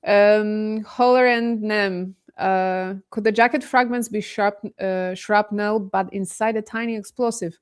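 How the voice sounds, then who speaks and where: A woman with a smooth, clear voice co-hosts a live stream. She reads viewer questions aloud in a light, easygoing way. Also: mid-range voice, fairly even intonation, unhurried, few pauses. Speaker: co-host reading super chats. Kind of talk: casual live-stream chat.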